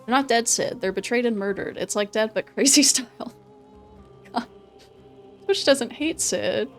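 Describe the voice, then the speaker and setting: Excitable swearing woman streamer. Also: a little high. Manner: excitable, swears freely, laughs often. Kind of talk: casual gameplay commentary.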